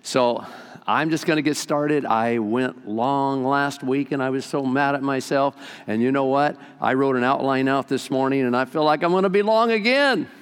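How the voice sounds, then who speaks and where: An older man preaching a sermon as pastor, folksy and animated as he tells stories to his congregation. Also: mid-range voice, moderate pace, smooth, long reverb tail.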